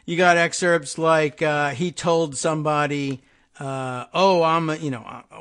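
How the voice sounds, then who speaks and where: A man's voice: fairly high pitch, unhurried, fairly bright tone. A man hosting a political talk podcast, delivering a casual, sarcastic and exasperated monologue and mocking the quotes he reads out. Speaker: podcast host.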